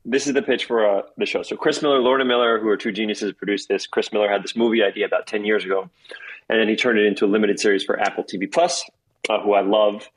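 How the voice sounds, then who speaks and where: A man aged forty, a guest actor chatting in an interview, rambling and excitable with quick asides. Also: fairly low pitch, breathy edge, rough recording. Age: 40s. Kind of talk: casual interview chat.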